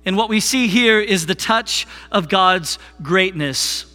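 A man preaching a sermon as worship pastor, slow and deliberate, leading the congregation in call-and-response. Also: high-pitched, bright, forceful tone, long reverb tail, faint music behind. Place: church sanctuary.

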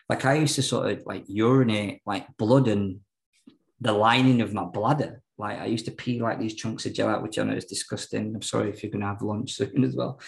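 A man's voice: on the low side, vocal fry. A man telling his own story frankly as a podcast guest, swearing, using lots of fillers, and laughing often. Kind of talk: candid personal storytelling.

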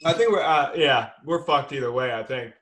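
A young man in a casual podcast chat, blunt and quick to swear. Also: mid-range voice, lively intonation, fairly bright tone.

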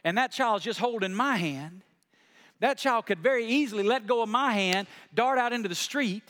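A male pastor delivers a sermon in a high, bright, ringing voice. He repeats his key lines and calls on the congregation to answer. His delivery sweeps from hushed, slow phrases to loud, soaring ones. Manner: preaching, building from soft and slow to loud and high.

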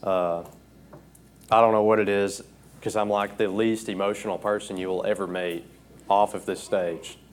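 A man preaching an informal sermon from a church stage, emotional and earnest, often pausing with fillers. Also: lowish voice, flat delivery, slight background noise. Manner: earnest, halting with frequent fillers.

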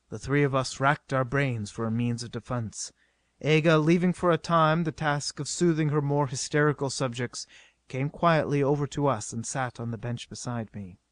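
A man reading an adventure novel aloud as narrator, with a steady, dramatic delivery. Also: mid-range voice, no echo. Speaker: audiobook narrator.

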